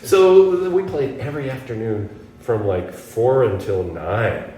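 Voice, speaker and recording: A man from the United States, a guest guitarist, telling animated stories in an interview and acting out the voices of people he quotes. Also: on the low side, a little slow. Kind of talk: storytelling interview. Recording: echoey room from a distance, faint background noise.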